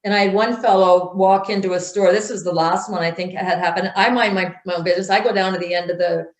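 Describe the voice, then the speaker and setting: A woman's voice: fairly low pitch, fairly even intonation, quick pace, roomy sound. A woman speaking in an interview, blunt and emphatic, acting out quotes as she tells stories. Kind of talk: conversational interview.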